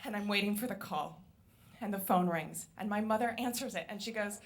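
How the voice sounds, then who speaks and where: A woman comedian telling a funny story on stage, acting out the people in it in quiet, lower voices. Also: a little fast. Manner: acts out quoted voices, drops quiet and low for them. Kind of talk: live storytelling performance.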